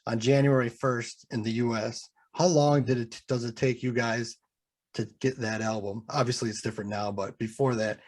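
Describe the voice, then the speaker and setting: A man from the United States, the podcast host, asks thoughtful interview questions in a relaxed way. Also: mid-range voice, normal speed.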